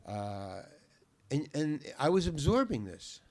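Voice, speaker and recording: A man's voice: on the high side, big pitch swings, takes it slowly, a little mellow. An older man, a guest on a talk show, telling a long anecdote in a laid-back, rambling way, repeating words and cursing freely. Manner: laid-back, salty language.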